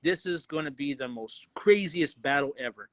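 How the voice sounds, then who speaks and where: A man co-hosting a casual movie review podcast, talking excitedly with lots of swearing and acting out lines. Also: on the high side, moderate pace, no echo, rough recording. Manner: excited, profane, acts out quotes.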